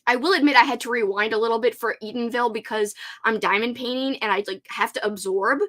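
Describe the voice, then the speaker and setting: A woman's voice: on the high side, fast talker, fairly bright tone. A woman hosting a casual reading livestream, gushing and laughing often as she answers viewer comments. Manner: bubbly and gushing, laughs often, many "like" fillers.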